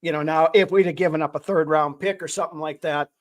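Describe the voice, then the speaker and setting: A man with a slightly higher voice hosts a casual sports talk show. He rambles and thinks aloud, picking his way through each point before landing on it. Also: fairly even intonation, fast, hardly any pauses. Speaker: podcast host.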